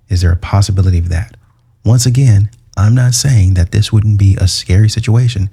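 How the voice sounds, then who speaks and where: A man's voice: deep voice, creaky, dark tone, slightly rough. A man hosting a reaction channel, giving blunt, lecturing commentary on clips.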